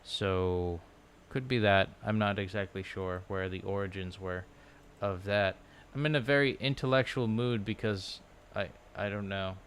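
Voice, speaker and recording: A man vlogging from a low couch at home into his laptop, musing aloud in a loose, rambling way full of "like" and restarts. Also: measured pace, hardly any pauses, a little hiss or hum. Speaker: language-learning vlogger. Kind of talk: casual rambling chat. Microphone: laptop microphone.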